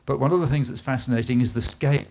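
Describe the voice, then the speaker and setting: A man from England giving a live slide presentation at an art event, telling stories in an unhurried way with frequent "uh"s and some lines dropping to a soft voice. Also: mid-range voice. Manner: unhurried, anecdotal, with filler "uh"s and dips to a soft voice. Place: event space in a garden venue.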